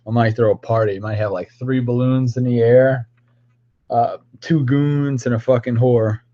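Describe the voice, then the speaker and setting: A man's voice: medium pitch, fairly even intonation, a little slow, dull audio. A man on a casual livestream, rambling and ranting with constant profanity at his viewers. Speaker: streamer.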